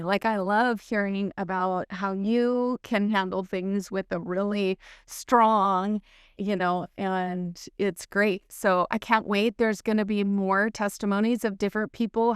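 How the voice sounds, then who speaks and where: A woman's voice: mid-range voice, smooth, no room sound, clean studio sound. A woman hosting a faith podcast, chatting casually with her guest and affirming what she hears. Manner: supportive, affirming listener. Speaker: podcast host. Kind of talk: casual conversation.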